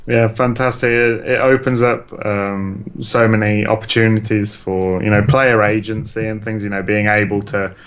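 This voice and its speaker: A man's voice: lowish voice, little pitch movement, moderate pace, few pauses, fairly bright tone. Chuckling man. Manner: thinks aloud with frequent chuckles. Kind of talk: casual chat.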